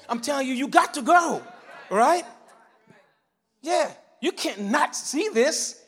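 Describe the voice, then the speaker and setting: A male pastor delivers an animated sermon in a high, lively voice. He shifts between shouted emphasis and soft, explanatory asides. The sound rings with long reverb from a church hall. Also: unhurried, husky. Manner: animated preaching, swinging between loud emphatic bursts and quiet teaching. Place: church sanctuary.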